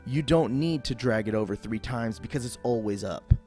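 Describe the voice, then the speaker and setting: A man's voice: mid-range voice, normal speed, dark tone, faint music behind. A man talking through a game tutorial off the cuff, casual and rambling with lots of fillers. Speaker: gameplay tutorial host. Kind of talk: unscripted game tutorial voice-over.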